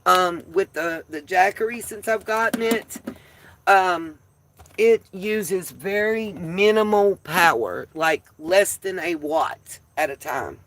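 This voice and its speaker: This livestream host speaks slowly in a lowish, fairly bright voice with a Southern accent. Her chat with viewers is relaxed and folksy, and she addresses them as y'all.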